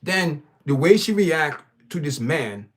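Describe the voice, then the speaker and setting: A man's voice: fairly high pitch, big pitch swings, slow, fairly bright tone. A man hosting his own stream, giving preachy, emphatic commentary full of repeated words and restarts. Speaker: channel host. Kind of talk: opinionated commentary livestream.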